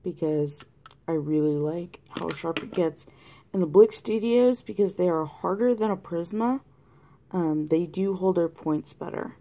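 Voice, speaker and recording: Mellow, gravelly woman teaching drawing. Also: on the low side, a little slow. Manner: chatty, thinks aloud, drifts into soft whispers. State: has the hiccups. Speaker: art tutorial host. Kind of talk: casual drawing tutorial narration. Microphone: camera mic close to the desk.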